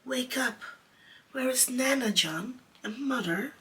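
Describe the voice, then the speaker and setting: A small, sleepy, whiny storybook boy calling out in a high, pleading voice, as a man who performs in drag reads him. The voice is bright and sits a little back from the microphone. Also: moderate pace, gravelly, recorded from a distance, full character voice. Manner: pleading, high-pitched calls.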